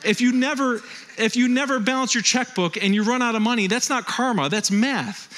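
Bright-voiced, animated male preacher. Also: very high-pitched, moderate pace. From Western New York. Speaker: pastor. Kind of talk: sermon.

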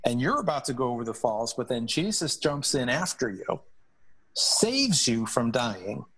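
A man serving as a hockey chaplain tells stories in a podcast interview, speaking in a husky voice at an ordinary middle pitch. He talks earnestly and with animation, often stopping to restart his sentences. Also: sing-song, unhurried, a bit bright.

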